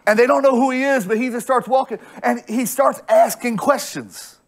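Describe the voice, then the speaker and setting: A man preaching a lively sermon as pastor, conversational and funny, acting out characters and building to shouts. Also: very high-pitched, moderate pace, hardly any pauses. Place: church sanctuary.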